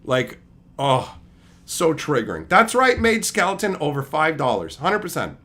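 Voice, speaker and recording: Man streamer, fired-up swearing rant, high voice that swings all over. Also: big pitch swings, measured pace, bright, forceful tone. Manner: profane, heated storytelling. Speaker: streamer opening card packs. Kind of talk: ranting casual chat.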